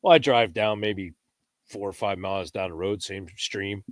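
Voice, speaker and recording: A man's voice: on the low side, normal speed, dry recording. Teasing male podcast host, dry sound. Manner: teasing, storytelling. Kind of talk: joking casual chat and anecdote.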